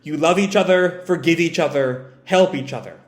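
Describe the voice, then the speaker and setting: Man reading as a motherly android woman, gentle, soft and quiet, fairly high voice, roomy echo. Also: normal speed, close to an everyday voice. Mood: tender.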